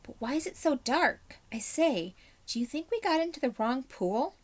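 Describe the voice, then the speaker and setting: A woman's voice: high-pitched, very animated, normal speed, pitched above the performer's own voice. A woman reading as an eager young girl. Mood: puzzled. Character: brisk, practical young girl.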